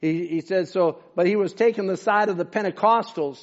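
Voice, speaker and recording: A man's voice: high-pitched, fairly quick, muffled recording. A man preaching a sermon with fervor, often repeating words as he searches for the next one. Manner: fervent, repeats words while searching for them.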